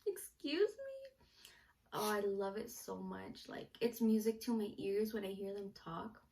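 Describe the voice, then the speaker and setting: A woman's voice: medium pitch, flat delivery, moderate pace, gravelly, a little mellow. A young woman chatting casually to camera in a question-and-answer vlog, bubbly and full of "like" and "you know". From United States, Mexican parents. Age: young adult. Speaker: vlogger, student reporter.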